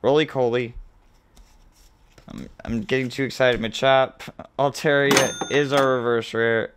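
A man hosting his own video, calmly listing card names as he opens packs and getting excited at the good pulls, with the odd swear word. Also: medium pitch, measured pace, heavy background noise. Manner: relaxed, mildly profane. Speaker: host. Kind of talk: casual card-opening commentary.

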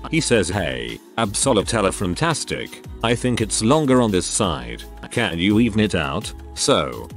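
A man narrating a string of internet stories, reading them aloud with wry asides between them. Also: on the low side.

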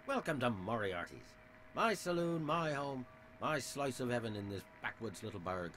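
An actor with an Irish accent playing a sly, theatrical middle-aged saloon owner in a video game. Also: male voice, mid-range voice, sing-song, normal speed, a bit bright, soft background music. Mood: welcoming. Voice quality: theatrical, smug and oily.

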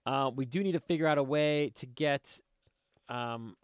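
A man's voice: mid-range voice, normal speed, clear, resonant tone, no echo, studio quality. A man giving casual, rambling commentary while playing a game, easily sidetracked and chatting to viewers and to the creatures on screen. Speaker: let's play host.

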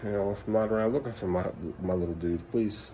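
A father in his thirties vlogs to camera at home at night, talking casually and emotionally with swearing and filler words. His low, warm voice comes fast, and the camera mic picks up a bit of hiss or hum.

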